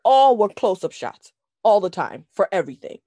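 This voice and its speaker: Woman co-host, casual review chat, lively up-and-down delivery, blunt and profane, dry close sound. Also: mid-range voice, moderate pace, no echo. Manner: blunt, profane, laughs often, animated. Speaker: podcast co-host reviewing a film.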